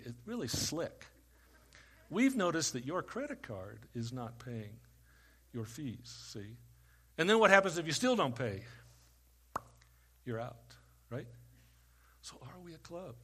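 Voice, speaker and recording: Man preaching with loud-quiet swings. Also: fairly high pitch. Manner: dynamic preaching, rising loud for questions, dropping quiet for stories. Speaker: pastor. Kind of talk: sermon.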